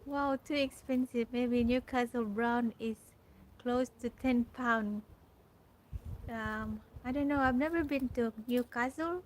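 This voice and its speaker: Woman host, slow halting outdoor livestream chat, somewhat high voice, faint outdoor ambience. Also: slight background noise, rough recording. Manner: chatty, halting, restarts often while reading comments aloud. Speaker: livestream host reading viewer comments. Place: garden outdoors.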